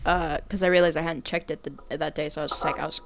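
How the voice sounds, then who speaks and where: A woman's voice: low-pitched, quick pace, slight background noise. A woman co-hosting a casual podcast, telling rambling stories with plenty of swearing and big swoops for emphasis. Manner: animated storyteller, swears freely, swoops up for emphasis; loose, rambling delivery with many fillers. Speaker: podcast co-host.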